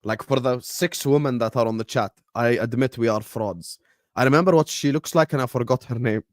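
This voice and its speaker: A young man talks casually on a live football stream at an ordinary middle pitch. He rambles and jokes with slang and the odd swear word, and his level swings between soft mock-sad murmurs and loud outbursts at the match. The sound is close and dry. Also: a little fast, no echo. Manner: drops to low mock-sad mumbles, then loud bursts at match action. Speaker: streamer hosting a football watchalong.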